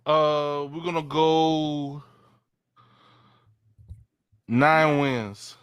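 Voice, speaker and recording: A man co-hosts a casual sports stream in a relaxed way, mostly adding short agreements. His voice sits a bit high and is heard dry, with no room sound. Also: very slow, smooth, dry recording. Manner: laid-back, short agreeing interjections. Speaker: co-host.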